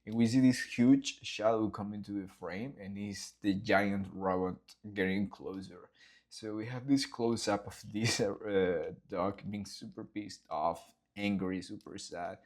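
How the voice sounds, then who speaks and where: An animator walks through his storyboards in a casual behind-the-scenes vlog, his voice fairly low and his pace measured. He's lively and enthusiastic, acting out the scenes with sound effects and swearing.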